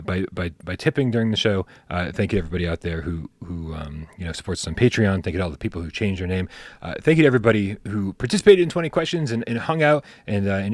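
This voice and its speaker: A man co-hosting a gaming livestream in casual chat, animated and laughing, with mock exasperation. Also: low-pitched, no echo, studio quality. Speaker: podcast co-host.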